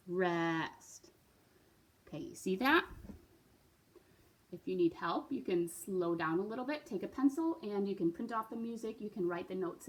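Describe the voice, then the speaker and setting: Slow, patient woman teaching recorder. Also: mid-range voice, mellow. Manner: patient, encouraging, checks in with "right?" and "okay?". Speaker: music teacher. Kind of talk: beginner recorder lesson.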